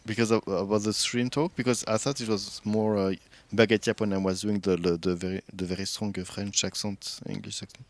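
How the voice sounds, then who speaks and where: A male streamer with a lowish voice talks casually while he plays, rambling through false starts and thinking aloud. His voice is close to the mic and dry, with no room sound behind it. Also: little pitch movement, fairly quick, hardly any pauses, no echo. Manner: rambling, many restarts, chats with viewers while thinking aloud.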